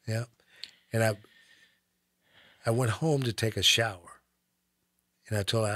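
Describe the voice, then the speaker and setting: Brief: male guest, lowish voice, calm and matter-of-fact, close dry sound. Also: measured pace, long pauses, dry recording. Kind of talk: calm conversational talk.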